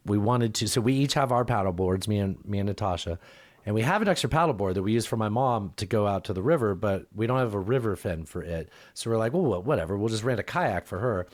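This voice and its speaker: A man's voice: lowish voice, expressive, quick pace. A man hosting a podcast, telling rambling, profane stories in a casual chat. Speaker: podcast host.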